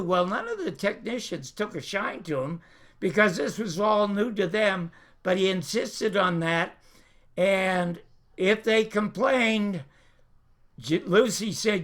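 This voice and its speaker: Animated older male storyteller. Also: sits high, measured pace. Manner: animated, acts out voices. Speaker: show host. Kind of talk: anecdotal storytelling.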